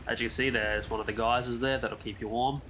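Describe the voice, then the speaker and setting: A man's voice: medium pitch, fairly even intonation, quick pace, bright, forceful tone, a little hiss or hum. A man giving a casual, chatty game walkthrough as a gaming YouTuber, drifting into side comments. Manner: easygoing, chatty, rambles into asides.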